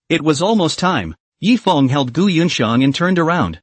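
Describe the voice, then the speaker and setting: A man reading a scripted story recap narration in a lively, expressive way. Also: a little high, normal speed, hardly any pauses, no echo.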